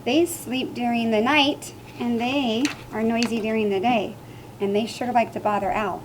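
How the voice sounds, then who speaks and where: A woman teacher reading a picture book aloud to children, making loud high animal sounds. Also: fairly even intonation, moderate pace, a little hiss or hum.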